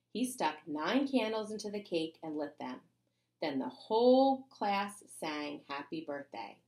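A woman reading a children's chapter book aloud in an expressive, playful way. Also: medium pitch. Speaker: reader.

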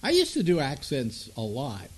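A man's voice: mid-range voice, huge pitch swings, normal speed, husky. A man hosting a talk show, chatting casually and rambling with plenty of fillers. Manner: rambling and conversational with many fillers. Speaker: radio talk show host. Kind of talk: casual chat.

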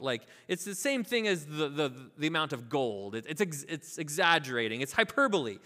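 A man preaching a sermon as pastor, telling a parable with lively asides and acting out the characters' voices. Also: a little high, moderate pace, hardly any pauses, long reverb tail. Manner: informal, filler-heavy asides. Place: church sanctuary.

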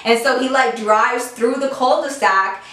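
A young woman tells a story to the camera in a loose, chatty way, filling her talk with "like" and "you know". Her voice sits a little high. She sounds far from the mic, in a very echoey room. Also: unhurried. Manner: chatty, animated, heavy use of "like". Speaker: beauty vlogger telling a story. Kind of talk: casual storytime chat.

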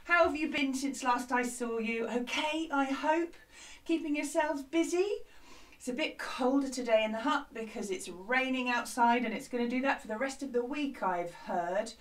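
A woman who is a music teacher, leading a lively children's music lesson from a hut, with a bright, encouraging, sing-song way of talking. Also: high voice, normal speed. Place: outdoor classroom hut. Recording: slightly distant mic with music behind.

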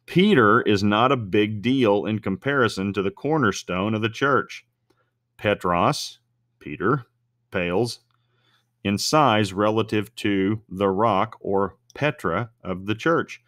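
A man with a very low voice walks through a scripture passage in an explanatory, unhurried teaching style. He often slows to lean on key terms. The recording is dry and close, with no room sound. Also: a bit bright, no echo. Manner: explanatory, stretching key words slowly. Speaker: online commentator on faith and news.

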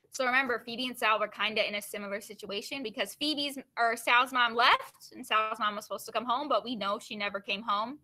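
A young woman teacher reads a novel aloud to her class, her voice high and bright. She stops often for chatty asides full of "like" and "you know.". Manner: casual asides full of "like" and "you know" between expressive reading. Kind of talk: read-aloud with commentary.

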